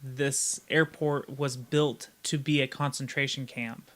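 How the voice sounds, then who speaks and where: A man's voice: medium pitch, fairly even intonation, takes it slowly, fairly bright tone. A man co-hosting a casual group podcast, rambling with frequent restarts and laughing at his own points. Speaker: podcast co-host.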